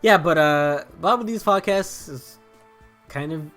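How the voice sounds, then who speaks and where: A man's voice: fairly high pitch, takes it slowly, a bit bright, soft background music. A man giving casual commentary while playing a video game, rambling, joking, swearing and laughing often. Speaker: let's play host.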